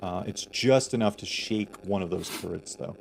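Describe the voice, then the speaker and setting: A man's voice: low-pitched, normal speed, vocal fry, soft background music. A man running a tabletop game as game master, narrating loosely with many fillers and laughs.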